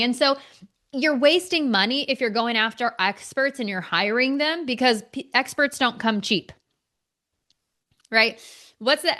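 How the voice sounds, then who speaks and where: A woman with a slightly higher voice hosting a business podcast. She talks candidly and casually, swears without holding back, and grows animated as she tells a client story. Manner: candid, swears freely, animated when telling stories. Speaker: podcast co-host.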